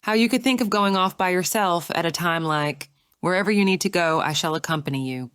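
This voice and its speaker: A woman voicing a stern, protective young gentleman in an audiobook; his lines are grave and clipped and easily affronted. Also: sits high, a little fast, clear, resonant tone, no echo, clean studio sound, voice pushed up. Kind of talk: audiobook character reading.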